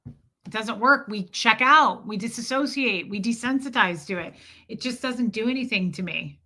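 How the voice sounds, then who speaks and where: Woman, livestream host, casual, blunt, profane, bright tone, slightly high. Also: moderate pace.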